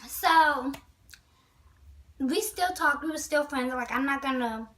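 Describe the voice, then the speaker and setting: A woman vlogger telling a storytime to her viewers, chatty and animated, with many asides. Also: high voice, slow, far from the mic, low-quality recording. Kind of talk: storytime vlog.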